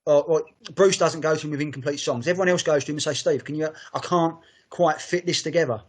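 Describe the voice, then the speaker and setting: A man's voice: on the high side, quick pace, breathy edge. A man co-hosting a podcast, chatting in a sweary, enthusiastic, rambling way. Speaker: podcast co-host. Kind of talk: casual chat.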